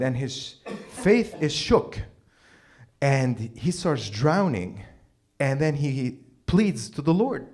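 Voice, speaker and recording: A man doing an open mic stand-up set, telling a story in an animated, profane way with sudden yelled bursts. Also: on the high side. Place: small comedy venue stage.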